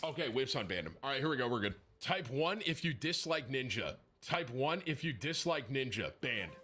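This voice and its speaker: A man's voice: mid-range voice, very animated, moderate pace, sharp tone, faint music behind. A man live-streaming a game, reading viewers' messages aloud in a mocking way.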